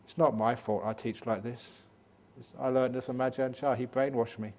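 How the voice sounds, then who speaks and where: An older man gives a Dhamma talk as a Buddhist monk, with a mid-range voice. He teaches in a lively, joking way, sprinkling his talk with humor and examples. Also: medium pitch, normal speed. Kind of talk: Dhamma talk at a day retreat.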